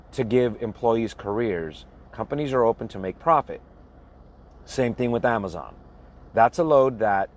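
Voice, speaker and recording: A man with a lowish, darkish voice runs a box truck and vlogs about it, casually reading place names to his audience. He talks slowly and plainly and chuckles whenever he stumbles over one.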